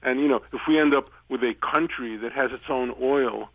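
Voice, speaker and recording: A man's voice: medium pitch, dry recording. A man calling into a radio show, blunt and opinionated, speeding up when he argues. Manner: blunt, opinionated, talks fast when arguing. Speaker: caller. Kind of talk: call-in radio talk. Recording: tinny phone line.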